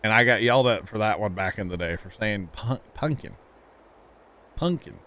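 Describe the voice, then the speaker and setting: A man's voice: fairly low pitch, fast talker, pushed and bright, smooth. Chatty man streaming. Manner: chatty, self-teasing, laughs often. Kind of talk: casual chat with viewers while gaming.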